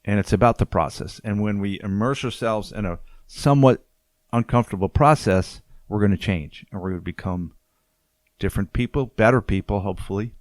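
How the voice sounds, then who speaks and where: Low-voiced reflective man on a podcast. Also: a little fast, darkish tone, dry recording. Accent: Boston. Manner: reflective, wraps up with summaries, laughs easily. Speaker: podcast host. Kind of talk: casual podcast conversation.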